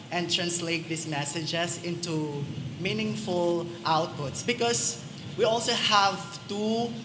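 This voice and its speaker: A woman from the audience asking a question formally. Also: lowish voice. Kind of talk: question from the floor. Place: large event hall. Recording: echoey hall, noise behind.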